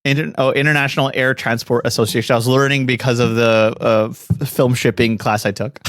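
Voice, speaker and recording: A man co-hosting a casual comedic history podcast, riffing quick absurd jokes. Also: medium pitch, steady tone, fairly bright tone, no room sound, clean studio sound. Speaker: podcast co-host.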